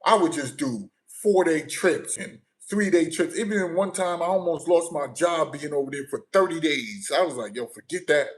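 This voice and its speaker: A fairly high-pitched man from the United States, chatting casually as he hosts a livestream. He tells his stories with lively energy and drops into low, quiet asides between loud bursts. His talk is loose and conversational. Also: moderate pace, few pauses, low-quality recording. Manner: animated storytelling, shifts often from low mumbles to loud bursts. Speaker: livestream host.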